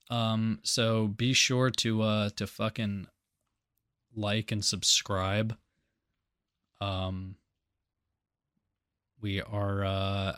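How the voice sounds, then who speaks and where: Young male podcast co-host, low and dry, crude jokey banter. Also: fairly bright tone, clear, resonant tone, no room sound. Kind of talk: casual chat.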